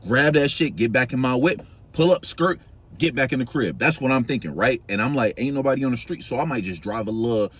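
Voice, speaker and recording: A man's voice: medium pitch, breathy edge. A young man from Chicago telling a story in casual, slang-heavy, profane street talk.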